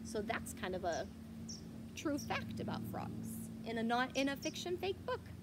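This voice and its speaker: A woman reading a children's picture book aloud, animated and asking the listener questions. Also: on the high side, a little slow, heavy background noise. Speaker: storyteller.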